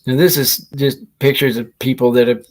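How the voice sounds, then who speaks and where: In a level, mid-range voice and at a moderate pace, a male comedy host rambles through stand-up stories. He laughs along as he talks into a laptop mic in this monologue.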